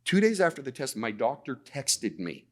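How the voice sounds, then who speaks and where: A man speaking at a conference, telling a personal story in an animated way, often repeating words and acting out the dialogue. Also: mid-range voice, normal speed. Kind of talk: storytelling presentation. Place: conference talk.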